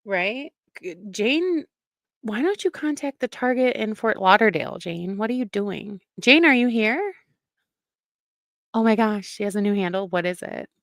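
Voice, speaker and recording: A woman's voice: mid-range voice, animated, measured pace, fairly bright tone, dry recording, studio quality. A woman hosting a livestream, giving blunt, mocking reaction commentary, swearing freely.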